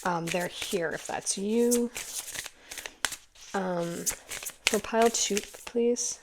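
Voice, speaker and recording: Gravelly-voiced woman giving an earnest tarot reading. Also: medium pitch, takes it slowly, noisy background. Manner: earnest, emotional, rambling with many fillers. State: tearful at times. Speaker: tarot reader. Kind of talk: casual spoken tarot reading.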